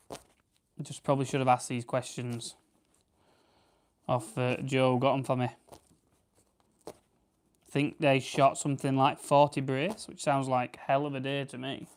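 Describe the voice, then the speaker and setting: South Yorkshire bloke, young, rambling livestream host, clear smooth voice, mid pitch. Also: male voice. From South Yorkshire, England. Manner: chatty, rambling, reads out viewer comments. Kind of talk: casual live-stream chat while plucking grouse.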